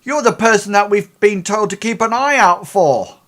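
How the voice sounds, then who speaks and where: A man's voice: high-pitched, normal speed, pitched above the performer's own voice. A man voicing a brusque male security guard who barks orders in a raised voice. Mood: alarmed. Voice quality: loud, barking orders.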